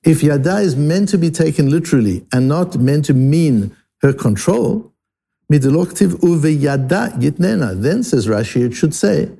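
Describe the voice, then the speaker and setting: Gravelly male Talmud teacher. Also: on the high side, animated, normal speed, dark tone. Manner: explanatory, repeats and restarts words, mixes English with Hebrew and Aramaic terms. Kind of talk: Talmud lesson.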